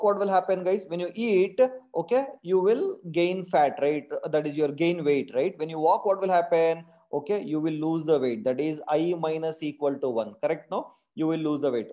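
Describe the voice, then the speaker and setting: Indian English male coding tutor, online class; warm higher voice, keeps checking the class with repeated tag questions. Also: normal speed. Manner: calls his class "my dear friends". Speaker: programming teacher.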